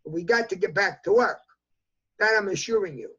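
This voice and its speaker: A man's voice: sits high, a little fast, fairly bright tone, husky. Emphatic 85-year-old New York man. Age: 80s. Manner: emphatic, repetitive, talks in bursts. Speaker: interview guest. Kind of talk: remote news interview. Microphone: video call. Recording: dull lo-fi video call audio.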